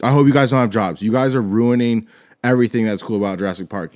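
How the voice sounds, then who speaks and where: A man's voice: medium pitch, fast talker, a little mellow. A man hosting a solo film-review podcast, ranting with constant swearing, exasperated and rambling with frequent restarts.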